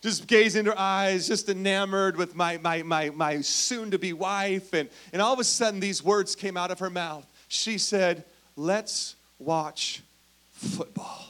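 A man with a notably high voice delivers a sermon as a pastor. He tells stories with humor and keeps calling on the congregation to answer him. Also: fairly even intonation, normal speed, few pauses, a bit bright. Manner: playful, asks the crowd for responses.

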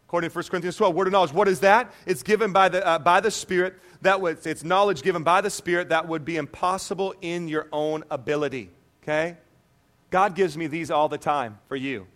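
Animated pastor preaching, slightly high voice. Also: male voice, a little fast. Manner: animated, conversational preaching with frequent "okay?". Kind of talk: sermon.

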